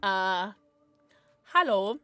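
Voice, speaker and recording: Bubbly woman streamer, bright lively voice. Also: medium pitch, very slow, smooth, dry recording, soft background music. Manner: chatty, bubbly, laughs often, reads chat aloud. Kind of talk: casual gaming livestream chat.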